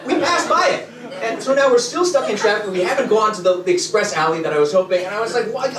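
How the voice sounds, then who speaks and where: A man telling a funny personal story in an animated, chuckling way, moving between narration and quoted dialogue. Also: high-pitched, fast talker, crowd noise. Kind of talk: live comic storytelling. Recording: echoey and distant with loud ambient noise.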